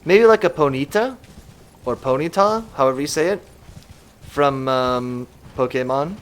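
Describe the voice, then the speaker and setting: A man's voice: mid-range voice, animated, moderate pace, clean tone. A man casually musing aloud while streaming a game live and reading chat comments.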